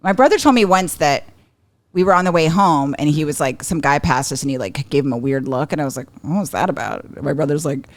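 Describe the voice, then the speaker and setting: A woman's voice: sits low, fast talker, no room sound. A woman comedian in her thirties telling family stories in casual chat, laughing often and acting out relatives. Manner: animated, laughing, acts out family members. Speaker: comedian guest.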